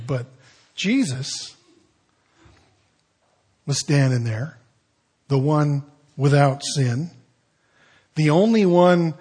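A man's voice: medium pitch, dark tone, breathy edge. A man preaching a sermon, retelling stories in a folksy, conversational way with joking asides.

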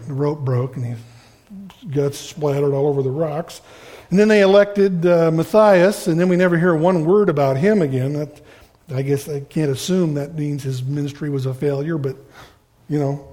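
A man's voice: fairly high pitch, dark tone. A man, a pastor giving a conversational, rambling sermon to his congregation in a church hall. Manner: casual, rambling, self-deprecating. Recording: long reverb of a large hall.

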